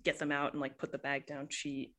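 A woman narrating as game master of a tabletop role-playing game, describing scenes in a relaxed way with many fillers. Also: sits low, fairly quick.

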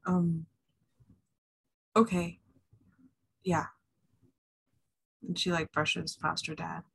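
A woman's voice: deep voice, little pitch movement, a little slow, creaky, fairly bright tone, breathy edge, low-quality recording. A woman playing a tabletop role-playing game, speaking hesitantly. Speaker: player.

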